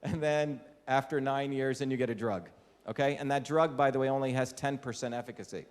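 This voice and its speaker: An invited lecturer from India, this man speaks fairly quickly in a medium pitch with fairly even intonation. His public lecture to a live audience is emphatic and full of rhetorical questions, recorded in a reverberant lecture hall.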